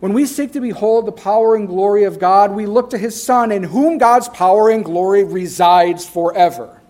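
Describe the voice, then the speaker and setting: A man preaching a sermon, emphatic, swinging between loud declarations and quiet asides. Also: sits high, normal speed. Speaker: pastor.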